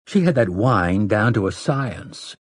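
A man reading an audiobook narration in a measured, even storytelling manner. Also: on the low side, no echo, clean studio sound.

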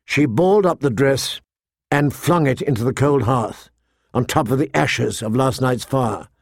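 A man narrating an audiobook in a measured, expressive storytelling manner. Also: medium pitch, creaky, no room sound, clean studio sound. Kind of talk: audiobook reading.

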